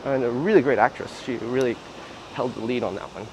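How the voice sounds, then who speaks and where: A man's voice: medium pitch, fairly quick, background noise. A man hosting a casual livestream outdoors on city streets, chatting in a rambling way with lots of fillers. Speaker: livestream host.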